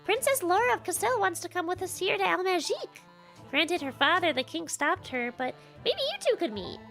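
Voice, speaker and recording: A woman's voice: extremely high pitch, sing-song, fairly quick, fairly bright tone, soft background music, exaggerated voice. A woman voicing a perky, teasing little winged fairy companion in a fantasy game. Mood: chirpy. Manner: chirpy, upbeat, teasing.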